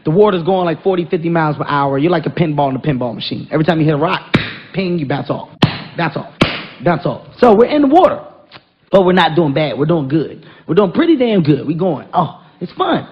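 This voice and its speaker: A man doing stand-up comedy, telling a story with an animated, punchy delivery and shouted punchlines. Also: fairly high pitch, a little fast. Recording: dull, noisy live stage recording.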